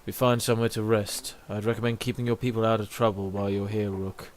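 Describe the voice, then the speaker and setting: A man's voice: on the low side, little pitch movement, fast, a little mellow, slight background noise, natural voice. A man reading as a grim giant warrior. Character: male giant horned warrior, grim and weary.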